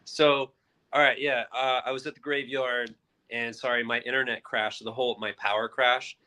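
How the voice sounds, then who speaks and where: A man's voice: medium pitch, level tone, normal speed, bright, forceful tone. A man who is an author guest on a live show, speaking over his phone and telling his story in an earnest, reflective way.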